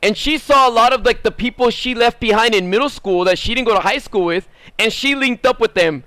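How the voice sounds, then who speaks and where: Man, 30s, from Southern California, high voice, animated storyteller, dry close mic. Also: fairly quick, dry recording. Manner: animated, rising to excited high bursts when quoting himself. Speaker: streamer. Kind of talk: casual storytelling while gaming.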